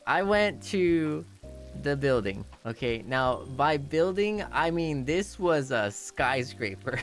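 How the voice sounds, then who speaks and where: Animated young man rambling through a story. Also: fairly high pitch, slow, soft background music. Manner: rambling, animated, lots of "you know" fillers and restarts, laughing at his own story. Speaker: streamer telling a story to chat. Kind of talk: casual storytelling.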